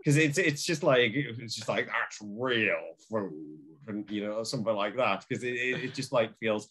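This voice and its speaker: A man's voice: medium pitch, a bit bright, husky. A man co-hosting a podcast, rambling through film talk with lots of fillers and restarts. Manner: rambling, halting, many fillers. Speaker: podcast co-host. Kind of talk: casual film discussion.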